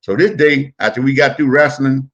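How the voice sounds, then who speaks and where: A middle-aged man spins profane stories about his wrestling days, animated and loose. His voice sits at an ordinary pitch, neither high nor low, and he acts out everyone in his tales. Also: normal speed, highs cut off. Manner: profane, animated storyteller who acts out quotes. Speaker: former pro wrestler, interview guest. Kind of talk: casual storytelling interview.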